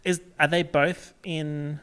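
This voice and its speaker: A man's voice: on the high side, flat delivery, slow, fairly bright tone, smooth. A man guesting on a podcast, chatting in a playful, jokey way. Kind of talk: casual chat.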